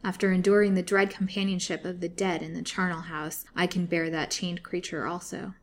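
Woman reader voicing a young captive heroine, earnest and brave, in a lowish voice. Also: level tone, a little fast, slight background noise, close to an everyday voice. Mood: resolute. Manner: earnest, exclamatory. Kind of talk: storybook reading.

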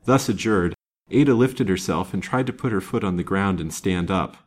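A man reading a classic romance novel aloud as a storyteller, in a steady, measured way. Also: low voice.

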